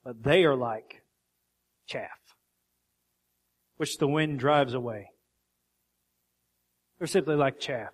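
A man's voice: medium pitch, unhurried, pauses often. A man preaching a sermon with emphatic rhetorical questions.

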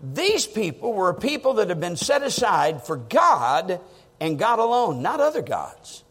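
Unhurried and with a breathy edge, a high-voiced man preaches with big, lively pitch swings, pushing into stressed words and dropping low to emphasize. His voice carries through a large hall's long reverb.

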